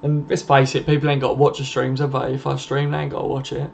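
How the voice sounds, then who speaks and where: A man's voice: mid-range voice, completely flat delivery, fast, creaky. A young man hosting a late-night live stream from home, casually reading out and answering viewer comments and swearing freely. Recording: dull lo-fi stream audio with faint noise.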